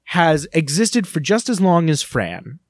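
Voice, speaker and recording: A man's voice: on the high side, big pitch swings, a little slow, no echo, studio quality. A man co-hosting a podcast, talking at length with strong opinions in a casual chat. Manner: opinionated, talkative, riffs on pop culture. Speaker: podcast co-host.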